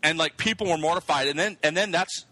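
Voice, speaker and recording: A man's voice: a little high, fast talker, no room sound, low-quality recording. A man telling a long, profane story in casual chat, stumbling over his words and restarting often. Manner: animated, profane, stammering restarts.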